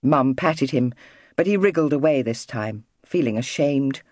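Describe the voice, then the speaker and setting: A woman narrates a children's audiobook with an animated, expressive delivery. Her pitch moves freely, and the recording is dry and close with no room sound. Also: measured pace, no room sound. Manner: expressive, storytelling.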